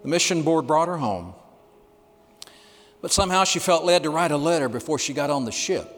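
A man in his sixties preaching a sermon, telling stories with emphasis and dropping quiet for the key lines. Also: fairly high pitch, expressive, a little fast, in a large hall, soft background music. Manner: storytelling, emphatic, drops to quiet for punchlines. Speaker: pastor.

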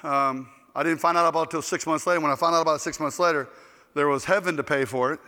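A male preacher tells stories through a sermon in an animated, joking manner, acting out the people in them. His voice sits high and bright. The recording carries a long, echoing hall reverb. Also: fast talker. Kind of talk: storytelling sermon.

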